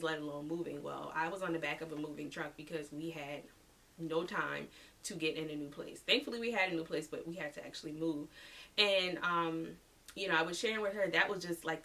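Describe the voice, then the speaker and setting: Bright-voiced woman podcast host, chatty. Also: sits low, distant mic. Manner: chatty, slangy, addresses listeners as y'all. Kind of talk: motivational podcast talk.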